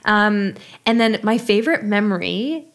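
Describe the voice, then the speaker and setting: A woman co-hosting a podcast, chatting in an animated way with frequent laughs. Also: mid-range voice. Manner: animated, laughs often, quick asides. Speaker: podcast co-host. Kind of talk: casual chat.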